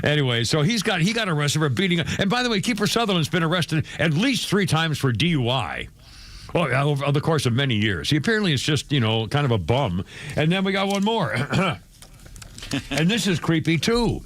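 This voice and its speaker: A man's voice: fairly high pitch, sing-song, a little fast, fairly bright tone. A man hosting a radio show, rambling through showbiz news in a casual chat with many fillers and chuckles.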